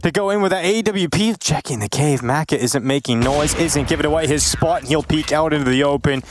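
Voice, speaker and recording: A man's voice: a little high, brisk, a little hiss or hum. A man co-casting a competitive game live, teasing his partner with dry humor between play calls. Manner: dry, teasing co-caster banter. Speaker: esports caster. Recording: broadcast with loud game sounds behind.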